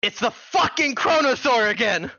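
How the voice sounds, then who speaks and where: A man's voice: on the high side, expressive, normal speed, pushed and bright, highs cut off. A man putting on a pompous antique wizard. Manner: grandiose, theatrical, addresses others as good sir. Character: pompous old-fashioned male wizard from the distant past.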